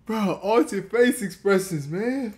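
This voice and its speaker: A man's voice: high voice, animated, unhurried, very noisy. A man hosting a reaction video, talking in laid-back slang and laughing often. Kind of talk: casual reaction commentary.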